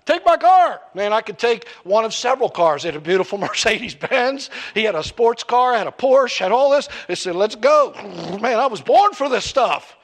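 A man's voice: high voice, normal speed, few pauses. A middle-aged man preaching a sermon, telling a personal story and acting out the voices of the people in it. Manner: animated storytelling with acted-out voices.

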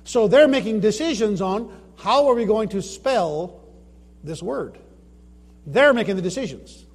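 A man's voice: high-pitched, lively intonation, measured pace, in a large hall. A man giving an informal presentation about his Bible translation work, explaining points and asking the audience rhetorical questions. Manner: explanatory, asks rhetorical questions, retells his own anecdotes.

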